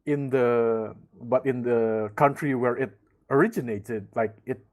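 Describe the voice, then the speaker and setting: A man co-hosting a live reaction to an animated series, in casual chat, laughing often. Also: medium pitch, measured pace. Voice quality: laughs often, chatty and playful.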